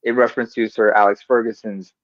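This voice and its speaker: A man's voice: on the low side, quick pace, dry recording. Male co-host with a dull, dry sound. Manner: animated storyteller, goes off on tangents. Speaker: podcast co-host. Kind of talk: casual chat.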